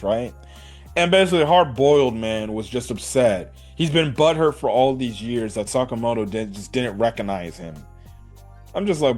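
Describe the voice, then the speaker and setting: Ein junger Mann plaudert locker über eine Anime-Folge. Er flucht viel, lacht zwischendurch und spielt Zitate nach, mit mittlerer Stimmlage und leiser Musik im Hintergrund. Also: male voice, mid-range voice, expressive, normal speed, darkish tone, faint music behind. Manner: loose and profane, with frequent laughs and acted-out quotes. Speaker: anime reviewer. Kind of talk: casual chat.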